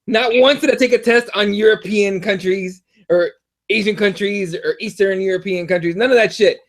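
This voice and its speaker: A young American man with a high voice rambles through stories on a casual podcast. He swears freely, restarts his sentences and keeps the chat animated. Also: moderate pace. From United States. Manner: rambling, profane, animated storytelling with many restarts. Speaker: podcast co-host.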